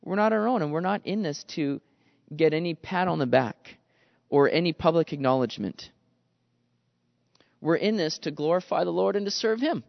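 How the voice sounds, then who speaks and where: A man with a high voice preaches a lively, conversational sermon and keeps slipping into the grumbling voices of the people in his story. He talks straight to his listeners and calls them guys. The recording is dry and a little dull. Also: normal speed, vocal fry, pauses often, dry recording, in a large hall. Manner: animated, acts out quoted grumbling voices. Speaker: pastor. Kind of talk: expository sermon.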